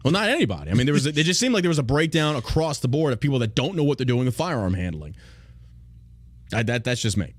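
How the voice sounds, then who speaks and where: A man's voice: medium pitch, sing-song, fast talker, no room sound, studio quality. Blunt, profane man ranting on a podcast. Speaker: podcast host. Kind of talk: casual podcast rant.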